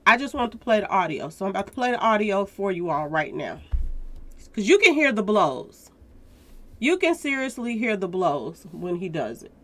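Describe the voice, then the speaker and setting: Bright-voiced woman giving emphatic commentary. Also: medium pitch, sing-song, normal speed. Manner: emphatic, repeats points, keeps addressing viewers directly. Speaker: commentary channel host. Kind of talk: casual news commentary to viewers.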